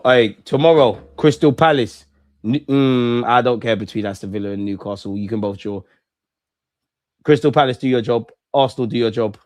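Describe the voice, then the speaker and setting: A man streaming a live football watchalong, talking in excitable, gloating banter full of slang. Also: mid-range voice, no echo.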